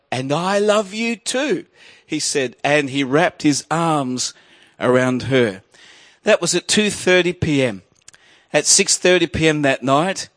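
A male pastor preaching a sermon, swelling loud on key points and dropping low and slow while telling a story. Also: dry recording.

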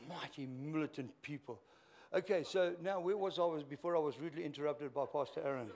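A man's voice: a little high, fairly quick, darkish tone. An older man preaching, telling a rambling, joking story. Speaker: pastor. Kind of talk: sermon storytelling.

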